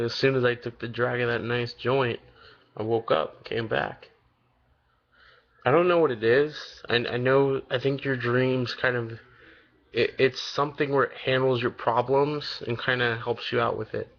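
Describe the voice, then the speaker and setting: Gravelly eighteen-year-old man rambling casually. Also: medium pitch, muffled recording. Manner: rambling, loose and profane, many fillers. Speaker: vlogger. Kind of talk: casual vlog storytelling.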